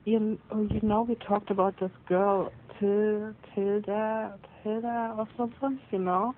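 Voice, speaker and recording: A German-accented woman from Germany on a tinny phone line, speaking in a soft, pleading and appeasing way. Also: mid-range voice, steady tone, a little slow, slight background noise. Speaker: partner on a phone call.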